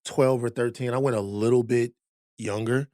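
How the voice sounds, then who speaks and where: A man co-hosting a podcast, chatting about a film in an animated way, laughing easily and tripping over words when excited. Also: medium pitch, moderate pace, no echo, studio quality. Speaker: podcast co-host. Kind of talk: casual film discussion. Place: podcast studio.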